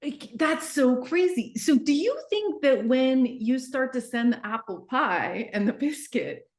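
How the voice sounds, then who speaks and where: A woman's voice: high-pitched, animated, a little slow. A woman interviewing a guest, asking curious, enthusiastic questions in casual talk. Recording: echoey room.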